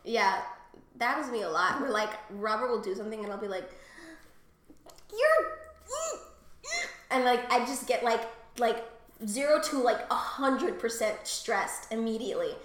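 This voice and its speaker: A woman with a slightly high voice chats casually on a podcast, rambling through crude stories with plenty of fillers and laughter. She coughs now and then from a recent cold, and the room around her rings with echo. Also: moderate pace, a bit bright. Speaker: podcast co-host. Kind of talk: casual chat.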